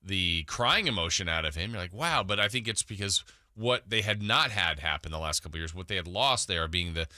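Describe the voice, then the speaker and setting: Male radio co-host, very deep and dark, quick agreeable banter, dry close mic. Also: no room sound. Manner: quick, agreeable back-and-forth. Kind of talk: sports talk radio banter.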